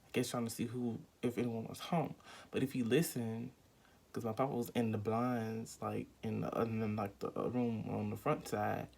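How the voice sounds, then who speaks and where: A man's voice: on the low side, little pitch movement, normal speed, gravelly, darkish tone, husky. A young man telling a rambling, emphatic storytime vlog at home, full of fillers and acted-out quotes. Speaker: vlogger.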